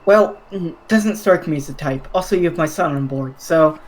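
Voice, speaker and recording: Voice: medium pitch, natural voice, poor audio. Someone playing a wry, teasing queen mother. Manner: dry, teasing, unhurried. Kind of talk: tabletop role-play.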